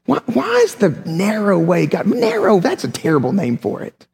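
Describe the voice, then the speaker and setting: A male pastor preaching a sermon in a lively, conversational way, with humorous asides. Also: high-pitched, normal speed, gravelly. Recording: long hall reverb.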